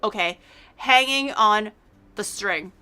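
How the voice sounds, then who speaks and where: A woman streamer chatting casually on a livestream, rambling excitably and swearing freely. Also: mid-range voice, takes it slowly, clear, resonant tone, faint music behind.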